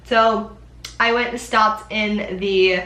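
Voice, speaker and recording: A woman's voice: mid-range voice, fairly even intonation, takes it slowly, bright, forceful tone, roomy sound. A young woman vlogging in a casual, chatty way, with lots of ums and likes. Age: young adult. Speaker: Disney College Program vlogger. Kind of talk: casual chat.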